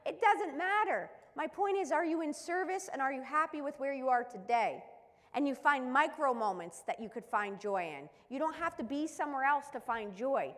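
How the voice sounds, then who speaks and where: A woman's voice: sits high, lively intonation, normal speed, fairly bright tone, big-room sound. A woman who works as a mental skills coach, giving an emphatic motivational talk full of rhetorical questions. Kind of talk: motivational live-stream talk.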